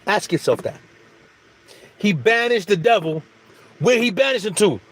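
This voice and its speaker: A man talking through spiritual ideas in a loose, preachy monologue. He circles back, repeats phrases and restarts his sentences, and his voice sits a bit high for a man. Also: animated, a little slow. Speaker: spiritual speaker.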